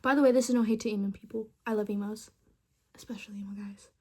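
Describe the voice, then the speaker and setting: A young woman with a slightly high voice chats with a chatbot in a loose, rambling way. She is playful and often drops to mumbled asides between her lines. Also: fairly even intonation, racing, a little mellow. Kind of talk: casual chat with a chatbot.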